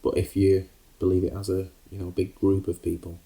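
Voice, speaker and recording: Podcast co-host, lowish voice, halting delivery full of ums. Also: male voice, monotone, creaky, crowd noise. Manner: hesitant, many ums and restarts. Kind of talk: casual podcast chat.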